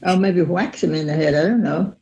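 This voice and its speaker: An older woman on a family podcast, slowly reading scrawled notes aloud, stumbling over words. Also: lowish voice, creaky, a little mellow, lo-fi sound. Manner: halting, stumbling over handwriting.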